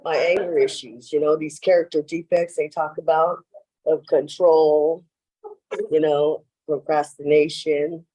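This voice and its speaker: A woman's voice: sits low, flat delivery, a little slow, warm tone, poor audio. A woman speaking at a recovery meeting, telling her story in a rambling way with lots of "you know" and acting out what people said. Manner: acts out quoted lines in her stories. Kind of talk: personal share at a meeting. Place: meeting room.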